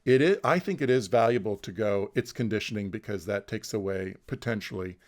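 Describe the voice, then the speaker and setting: A man's voice: on the low side, brisk, darkish tone. A man facilitating an online mindfulness class, talking through ideas in a thoughtful, casual way that often restarts words and laughs easily. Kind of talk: casual teaching chat. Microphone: online video call.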